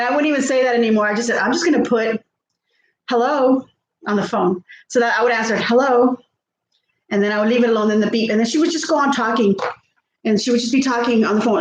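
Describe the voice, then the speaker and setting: Cooking in her home kitchen, a talkative middle-aged woman from South Texas vlogs for her audience, frequently laughing and reading viewer comments aloud. She speaks in a high voice amid kitchen echo, with a soft hum of ambience beneath.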